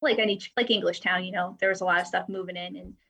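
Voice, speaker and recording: A woman's voice: lowish voice, fairly even intonation, fast talker, vocal fry, a bit bright, breathy edge. A woman guest talking casually about her work, chatty, with lots of fillers. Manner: chatty, with frequent fillers and light laughs. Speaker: guest from a drag racing timing system company. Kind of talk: casual interview chat.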